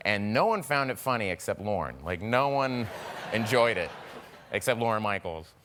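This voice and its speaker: A man, a talk show guest, telling animated anecdotes with frequent laughter in casual chat. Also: on the low side, moderate pace, background noise. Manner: animated storyteller, laughing often, slips into acted voices.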